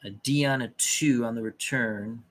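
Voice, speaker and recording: A man's voice: medium pitch, normal speed. A man casually thinking aloud as he plays a tabletop dice game, often muttering and correcting himself. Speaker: tabletop game player and channel host.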